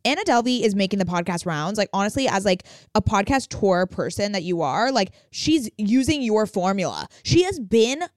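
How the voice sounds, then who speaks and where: A woman's voice: medium pitch, expressive, normal speed, hardly any pauses, no room sound. Young female podcast co-host, teasing and giggly, dry close-miked sound. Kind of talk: casual chat.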